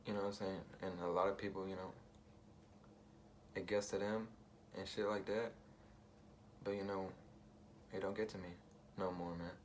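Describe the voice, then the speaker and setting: A man's voice: low-pitched, little pitch movement, moderate pace, long pauses, a little hiss or hum. A man telling a personal story in a rambling, slangy way, full of fillers and asides. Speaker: vlogger.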